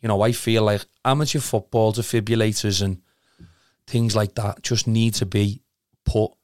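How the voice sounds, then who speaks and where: A man's voice: on the low side, steady tone, normal speed, no room sound, studio quality. A young man with a Liverpool accent telling an emotional story in casual chat, rambling, earnest and swearing a lot. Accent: Liverpool (Scouse). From Liverpool, England.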